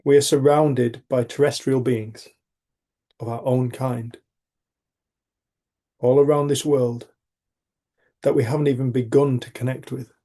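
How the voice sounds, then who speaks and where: Slow-paced and flat, with long pauses, a middle-aged man's mellow, medium-pitched voice leads a community group. He reflects on his own life in rambling, candid stories, often starting sentences over and cursing offhandedly.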